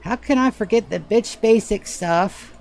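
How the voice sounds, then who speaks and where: A woman's voice: mid-range voice, measured pace, a little mellow. Chatty, profane woman streamer. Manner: chatty, profane, self-mocking. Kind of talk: casual live gameplay chat.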